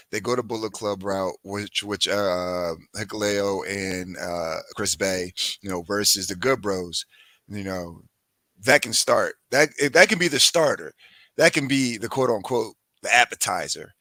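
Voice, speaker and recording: A man's voice: lowish voice, unhurried, sharp tone, no echo. A man co-hosting a podcast, chatting and joking about wrestling matches with lots of "like" and "you know.". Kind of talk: casual chat about wrestling.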